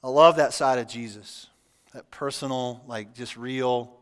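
A man preaching a sermon as pastor, reading scripture aloud and adding relaxed, humorous asides. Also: mid-range voice, unhurried, smooth. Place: church sanctuary. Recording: church hall with long reverb.

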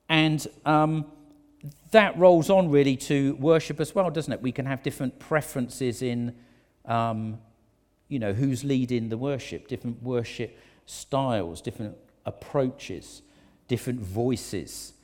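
Preacher with hesitant, filler-filled delivery. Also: male voice, mid-range voice, takes it slowly, pauses often. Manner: hesitant, many fillers and restarts. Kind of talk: conversational sermon. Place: church auditorium. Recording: long reverb of a church hall.

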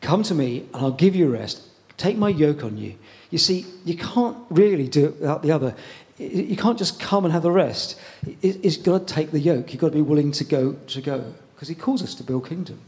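A man preaching a sermon in a conversational way, pausing often and repeating words as he goes. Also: fairly high pitch, lively intonation, a little mellow.

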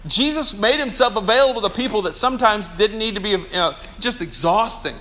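A man with a notably high-pitched voice preaches to his congregation in a church. He keeps it conversational, teasing people in the pews and asking for an amen now and then. His tone is that of a pastor chatting from the pulpit more than an orator. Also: animated, a little fast, pushed and bright. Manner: calls for amens from the congregation. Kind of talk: sermon.

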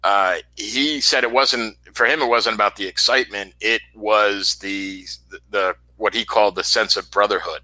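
A man co-hosting a podcast in casual chat, halting and repeating words as he thinks. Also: fairly low pitch, steady tone, bright, forceful tone, dry recording, poor audio. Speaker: podcast co-host.

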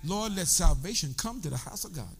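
A middle-aged male pastor preaching an animated sermon, shouting and half-singing as he calls out to the congregation in a church. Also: fairly high pitch, brisk, breathy edge, faint music behind. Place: church sanctuary. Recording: long hall reverb.

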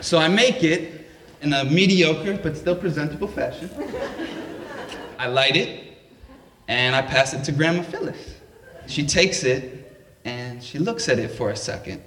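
Man, personal storytelling, casual and laughing, higher voice, roomy echo. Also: unhurried, pauses often, a bit bright. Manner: casual, laughing anecdotal delivery.

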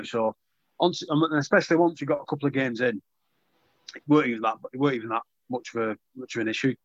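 A man's voice: medium pitch, quick pace, dry recording. Young man, casual interviewee, self-deprecating, dry dull recording. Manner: chatty, self-deprecating, many restarts. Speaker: rugby league player.

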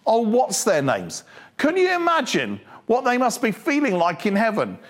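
A male preacher giving a humorous, animated sermon full of storytelling. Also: sits high, moderate pace.

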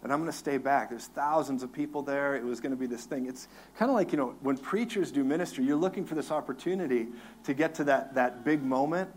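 A man who works as a minister recounts his personal story on a talk show, speaking a little fast at medium pitch. Lively and laughing, he acts out his crying with big vocal swings against slight background noise.

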